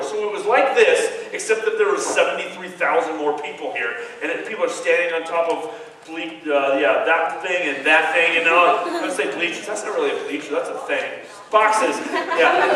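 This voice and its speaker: A man preaching a lively, joking sermon and retelling a story in an animated, exclamatory way, recorded in a large stadium. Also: a little high, slight background noise. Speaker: youth preacher. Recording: echoey stadium from far off.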